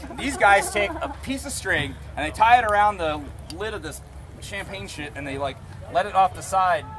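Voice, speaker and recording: A man's voice: high-pitched, animated, moderate pace, noisy background. A man leading a balloon ceremony, telling a rambling, profane, joking story to a group outdoors. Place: outdoors among a gathered crowd. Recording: outdoor crowd chatter behind.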